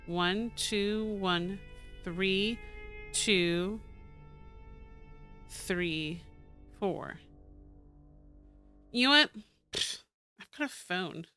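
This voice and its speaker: A woman's voice: lowish voice, lively intonation, drawn-out words, pauses often, pushed and bright, smooth, faint music behind. A woman casually commenting while playing a puzzle game, thinking aloud, counting and reading notes. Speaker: gaming streamer.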